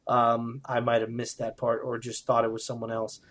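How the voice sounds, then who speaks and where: Man, mid-range voice, joking, animated, casual podcast chat. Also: medium pitch, normal speed. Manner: animated, jokey, trails off with fillers. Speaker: podcast co-host.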